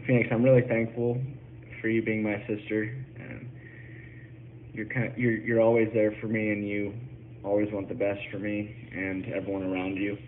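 A man giving a sincere, halting birthday message to his sister, with many pauses. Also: lowish voice, level tone, phone-quality sound, slight background noise. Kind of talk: recorded video message.

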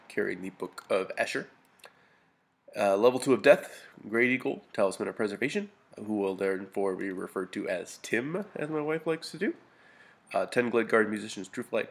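A man with a somewhat low, gravelly voice walks through a tabletop battle report in a relaxed, casual way. He sounds a little sniffly and stumbles through fillers and restarts, slipping in dry humor as he talks. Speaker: hobby gamer reporting a battle. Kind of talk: casual narrated battle report over photos.

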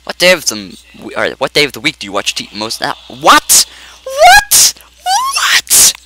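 A man giving goofy, excitable let's play commentary on a quiz game, joking and yelling at the screen. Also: mid-range voice, quick pace, heavy background noise. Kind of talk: casual gameplay commentary.

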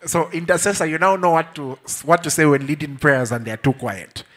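A man's voice: fairly high pitch, a little fast, fairly bright tone. A young male pastor preaching a sermon, playful, laughing often and calling out to the congregation. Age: young adult.

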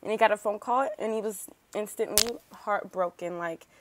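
A talkative woman doing casual gameplay commentary at a middling pitch. She rambles and fills her talk with asides and quick remarks to the characters on screen. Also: background noise. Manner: chatty, filler-heavy, rambling asides; animated, talks back to game characters. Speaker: let's play host.

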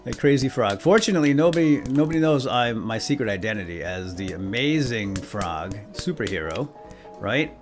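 A man giving playful, jokey gameplay commentary as a let's play host, excitable and prone to chuckles and whoops. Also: medium pitch, normal speed, over music.

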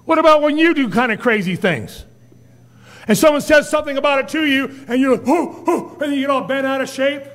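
High-pitched man preaching a sermon. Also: fairly quick, long reverb tail. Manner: preaching with sudden rises and drops in loudness, acting out whiny quotes. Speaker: pastor. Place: church sanctuary.

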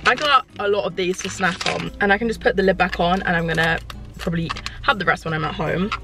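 A woman's voice: lowish voice, fast talker. Chatty woman vlogging from her car. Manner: chatty and excitable, lots of "like" fillers. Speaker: lifestyle vlogger. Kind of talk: casual vlog chat to camera. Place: inside a parked car.

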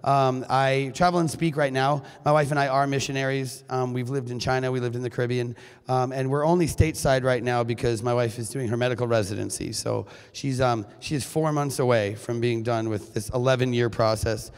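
Hoarse man in his 40s, keynote speaker, chatty and joking with lots of ums; stage mic, long hall reverb. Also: mid-range voice, fairly even intonation, fairly quick. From Duluth, Minnesota, USA. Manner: joking, chatty, with frequent fillers. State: hoarse, recovering from lost voice. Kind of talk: humorous keynote talk. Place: large high school hall.

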